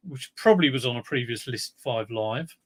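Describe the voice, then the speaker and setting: A man's voice: medium pitch, moderate pace, fairly bright tone. A man hosting a casual live stream, chatty and rambling, telling dad jokes.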